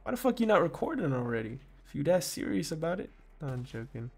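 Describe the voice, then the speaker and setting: Gravelly, cursing gaming streamer man. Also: medium pitch, a little fast. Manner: profane, slangy, excitable outbursts. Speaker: gaming YouTuber. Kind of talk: rambling gameplay commentary.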